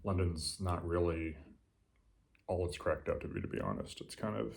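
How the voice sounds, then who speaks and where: A slightly drunk man with an American accent, rambling in a quiet late-night monologue, casual and profane. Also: normal speed, gravelly. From Los Angeles. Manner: talks low and quiet. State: a little drunk. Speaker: vlogger.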